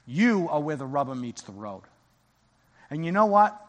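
A man's voice: on the high side, very animated, normal speed. A man preaching an impassioned sermon as pastor in a church sanctuary. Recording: long church reverb.

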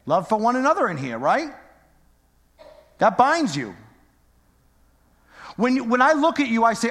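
A man's voice: fairly high pitch, big pitch swings, quick pace, pauses often, a bit bright. A middle-aged man preaching a sermon in a casual, joking way, full of questions to the congregation. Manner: conversational, joking, rhetorical questions. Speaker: pastor. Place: church hall. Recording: echoey church hall.

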